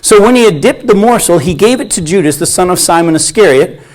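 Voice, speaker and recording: Animated high-voiced male preacher. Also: a little fast. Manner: animated, acts out quoted voices. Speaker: Bible study teacher. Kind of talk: sermon.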